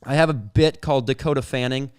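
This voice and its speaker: Telling childhood stories on a podcast he co-hosts, a young man chats casually and rambles, laughing along and saying "like" a lot. He speaks quickly in a medium-pitched voice with a steady, clean tone.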